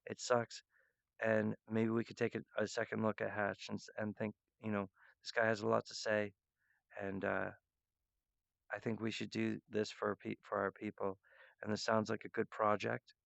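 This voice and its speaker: A man rambling earnestly and emotionally to his viewers, halting often with restarts and fillers. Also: lowish voice, completely flat delivery, vocal fry, fairly bright tone, no echo, lo-fi sound. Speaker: artist addressing viewers. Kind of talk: rambling direct-to-camera monologue.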